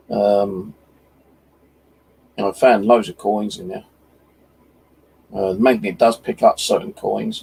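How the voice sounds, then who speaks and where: Gravelly, sweary British man rambling. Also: lowish voice, dark tone, slight background noise, poor audio. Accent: British English. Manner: rambling, sweary, lots of fillers. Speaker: channel host. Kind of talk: casual storytelling to a live stream.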